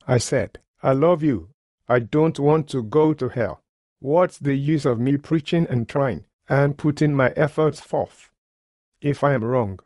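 A man's voice: medium pitch, darkish tone, dry recording. Male preacher, earnest storyteller, mid-range voice, dry close sound. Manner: earnest, plain-spoken, colloquial grammar. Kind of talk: sermon testimony storytelling.

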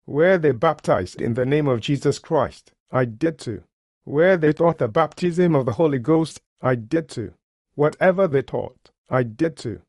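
A man's voice: on the high side, expressive, a little slow, a little mellow, dry recording, studio quality. A man telling a story in a folksy sermon, speaking in plain, homespun grammar. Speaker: preacher.

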